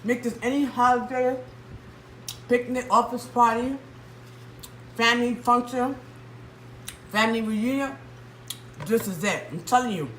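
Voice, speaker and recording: Woman, cooking vlogger, chatty, enthusiastic, fairly high voice, faint room hum. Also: a little slow, pauses often, a bit bright. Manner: chatty, enthusiastic, addresses viewers as everyone. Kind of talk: casual home cooking demo.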